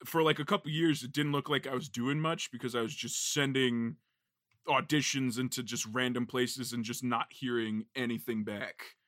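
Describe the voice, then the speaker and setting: A man hosting a casual podcast chat, easygoing and quick to laugh along with his guest. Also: medium pitch, steady tone, a bit bright, dry recording, clean studio sound. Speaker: podcast host.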